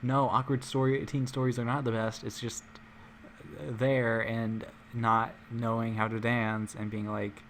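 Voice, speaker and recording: A man's voice: mid-range voice, flat delivery, unhurried, fairly bright tone, a little hiss or hum. A man hosting a live stream in casual chat, rambling and making self-mocking jokes. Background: music playing.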